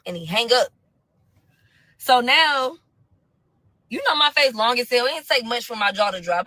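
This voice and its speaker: A woman rants through a personal story for her viewers in bright, cutting tones, heavy with profanity and slang. She drops to low mutters, then bursts into loud crying shouts. The sound is close and dry. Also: big pitch swings, measured pace, long pauses, no room sound, rough recording. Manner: profane, blunt street slang. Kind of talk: casual storytime rant.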